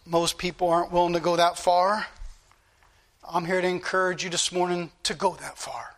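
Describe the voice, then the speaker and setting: A man's voice: high voice, flat delivery, moderate pace, fairly bright tone. A middle-aged man preaching a sermon with impassioned emphasis and shifting pace. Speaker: pastor.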